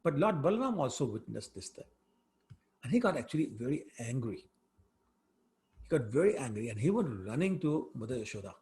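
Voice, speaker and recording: A male scripture teacher who tells a sacred story in an animated, chatty way. His pitch moves around a lot, and he often pauses on fillers between phrases.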